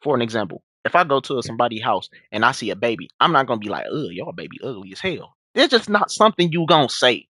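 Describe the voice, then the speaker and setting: Young man telling a slangy, animated story. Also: quick pace, few pauses, dry recording. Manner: animated, slangy, acts out quotes in a high voice. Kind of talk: casual storytelling monologue.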